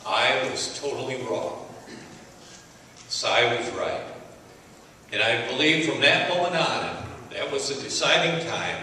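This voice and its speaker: An older man giving a speech at an awards ceremony, telling a story with gentle humor. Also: mid-range voice, slow, long pauses. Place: large hall at an awards banquet. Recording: echoey hall, distant mic, faint noise.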